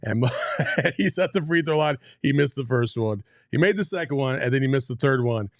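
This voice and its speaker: A man's voice: medium pitch, lively intonation, moderate pace, dry recording, studio quality. A man hosting a casual sports podcast, laid-back and teasing, laughing often as he chats. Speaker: podcast host.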